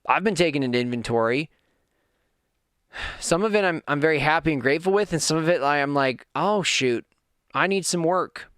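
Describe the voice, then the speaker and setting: Earnest podcast guy, kinda high voice, candid and fired up, dry sound. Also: animated, moderate pace, fairly bright tone, clear, resonant tone, no echo. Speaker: podcast host. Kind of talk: personal reflective monologue.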